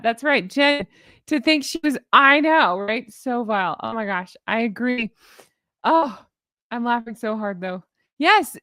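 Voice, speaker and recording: A woman's voice: sits high, fairly bright tone, dry recording, studio quality. A woman hosting a casual gossip show about royals, sarcastic and prone to fits of giggling while reading viewer comments. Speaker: royal commentary channel host.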